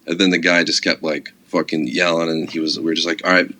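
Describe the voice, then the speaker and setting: A man's voice: rumbling low, flat delivery, fast talker, sharp tone. A man guest on a podcast, telling stories in a casual, profane way with lots of fillers. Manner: casual, profane, laid-back storytelling with many fillers. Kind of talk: casual chat.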